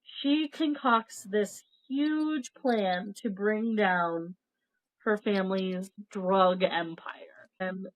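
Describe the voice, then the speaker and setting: A woman's voice: medium pitch, drawn-out words, poor audio. A young woman co-hosting a casual podcast, retelling a book's plot with swearing, laughter and acted-out lines. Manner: animated storytelling, acts out characters' lines, laughs often, swears casually. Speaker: podcast co-host. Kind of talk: casual book review chat.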